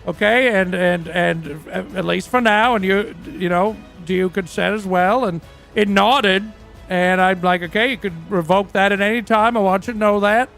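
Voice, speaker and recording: A man's voice: high voice, normal speed, gravelly, fairly bright tone, soft background music. A man playing a crude, boastful aging rock singer who tells rambling, profane stories in a role-play livestream.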